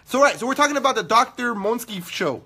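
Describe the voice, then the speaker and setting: Loud, joking young man with a bright voice. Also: very high voice, sing-song, quick pace, creaky, breathy edge. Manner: loud, profane, joking, laughs often. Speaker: online radio show host. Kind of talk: casual live-stream chat with viewers.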